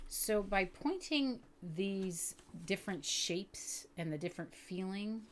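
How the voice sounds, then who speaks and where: Woman slowly enunciating phonics sounds. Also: lowish voice, slight background noise. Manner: clear, deliberate enunciation of sounds; patient, explanatory. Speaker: literacy teacher. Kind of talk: instructional video for educators.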